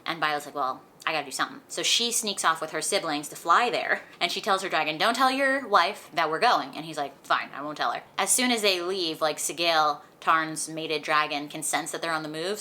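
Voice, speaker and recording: A young woman chatting through a book recap for her vlog, animated and full of "like", recorded at home. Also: deep voice. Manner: chatty, animated retelling with lots of "like". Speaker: book vlogger. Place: indoors at home, sunlight on her face.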